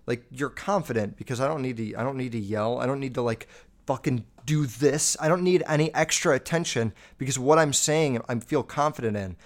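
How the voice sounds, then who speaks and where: A man's voice: medium pitch, fairly quick. A man hosting a podcast, ranting casually and bluntly, with heavy swearing and lots of fillers. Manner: profane, blunt, rambling with many fillers. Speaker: podcast host.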